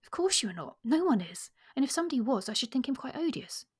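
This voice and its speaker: A woman's voice: high voice, sing-song, fast, slightly rough, pitched above the performer's own voice, exaggerated voice. A woman reading as a remorseful young woman.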